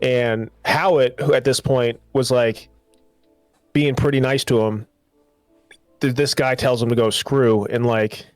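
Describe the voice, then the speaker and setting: Man, podcast host; middle pitch, dry close sound, faint music underneath; rambling casual retelling. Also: steady tone, unhurried, dry recording. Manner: loose, rambling retelling with acted quotes. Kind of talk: casual chat, retelling a show.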